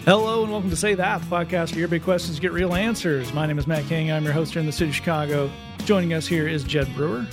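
Male podcast host, higher-pitched voice, dry mocking delivery, soft music underneath. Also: fast, hardly any pauses. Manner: sardonic, mocking delivery with animated read-out quotes. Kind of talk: casual podcast chat.

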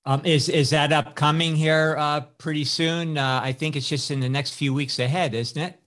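A man's voice: a little high, steady tone, moderate pace, a bit bright. Man co-hosting a podcast. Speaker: podcast co-host. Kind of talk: casual chat.

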